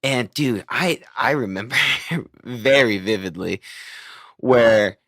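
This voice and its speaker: A man's voice: medium pitch, slow pace, fairly bright tone, dry recording. A man hosting a podcast, telling a crude story with frequent swearing and laughter. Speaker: podcast host. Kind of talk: casual podcast chat.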